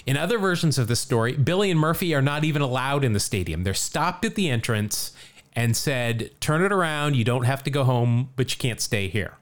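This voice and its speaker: A man hosting a podcast, telling a story in casual chat, jokey and chatty, laughing often. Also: medium pitch. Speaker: podcast host.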